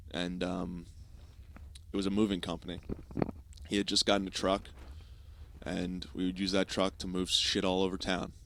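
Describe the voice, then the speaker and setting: In a low voice with no room sound, a young podcast host from the United States rambles through a profane, self-mocking story. The delivery is a casual comedic monologue.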